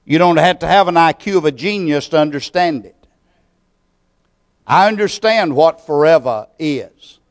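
A man preaching a sermon and leading a prayer, with a deliberate, measured delivery full of pauses. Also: fairly high pitch, animated. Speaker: pastor.

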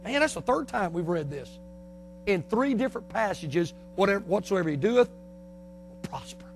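A man with a Northern US accent preaches in a folksy, emphatic way, his voice pitched high for a man. He swings from loud bursts down to quiet, low asides. A faint hum runs under the recording. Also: expressive, moderate pace, gravelly. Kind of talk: sermon.

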